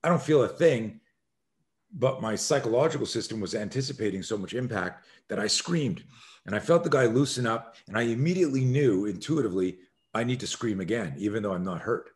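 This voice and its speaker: A man's voice: medium pitch, animated, fairly quick. A man, a self-defense expert, telling a story as a podcast guest and acting out the scenes with animation.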